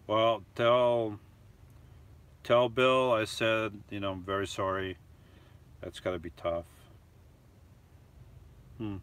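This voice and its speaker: A man's voice: on the low side, flat delivery, takes it slowly, pauses often, a bit bright, clear, resonant tone. A man hosting a live stream from a camper van, reading viewer comments aloud and chatting about them in a loose, rambling way.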